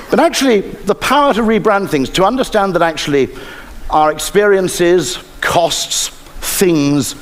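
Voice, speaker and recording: A man giving a talk with dry, wry humour. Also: on the high side. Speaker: speaker. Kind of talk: humorous talk.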